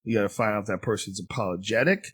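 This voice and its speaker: Husky low-voiced male podcast host. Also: very fast, fairly bright tone. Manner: reacts with gasps and laughter, reasons things out. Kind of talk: casual podcast chat.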